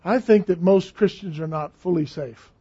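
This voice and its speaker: A man's voice: high-pitched, moderate pace, dark tone, husky. A man preaching a sermon in a conversational, emphatic way, repeating phrases for stress. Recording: dull lo-fi recording.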